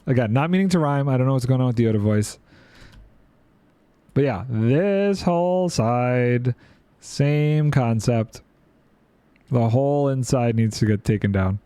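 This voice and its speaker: A man's voice: medium pitch, animated, a little slow, warm tone, smooth, no echo. A man streaming a building game, chatting playfully and thinking aloud while reading chat. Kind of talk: casual gameplay commentary.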